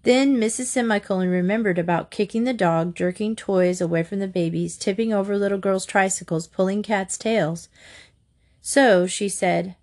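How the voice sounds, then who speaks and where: A woman's voice: medium pitch, normal speed. Woman reading a children's storybook aloud. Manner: lively, expressive read-aloud. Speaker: narrator.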